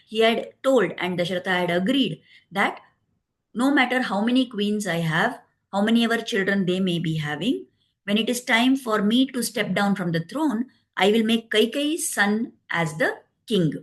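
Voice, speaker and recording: A woman's voice: mid-range voice, expressive, moderate pace. A woman giving a devotional discourse, explaining the story with frequent "you know" asides. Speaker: religious storyteller.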